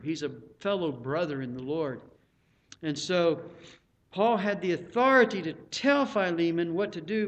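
Middle-aged male preacher, high voice, pleads and builds to loud emphatic bursts. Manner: earnest, pleading, rising to loud emphatic peaks. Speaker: pastor. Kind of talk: sermon.

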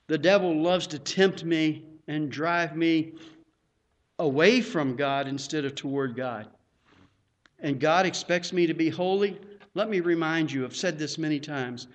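Guy preaching, earnest and emphatic, takes it slow. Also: fairly high pitch. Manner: earnest, emphatic, drawn-out phrases. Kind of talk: sermon.

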